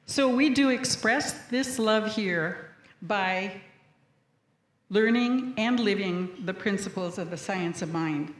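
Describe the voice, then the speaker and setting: A woman's voice: mid-range voice, takes it slowly. A woman minister leading a church service, welcoming newcomers and leading a group reading. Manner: warm, welcoming, leads congregation in group reading. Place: church sanctuary. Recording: echoey church hall.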